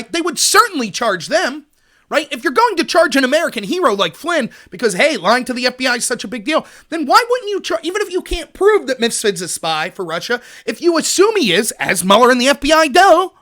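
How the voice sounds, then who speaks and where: A man hosting a political commentary livestream, talking in an animated, sarcastic, ranting way. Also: very high-pitched, fairly quick. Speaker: host.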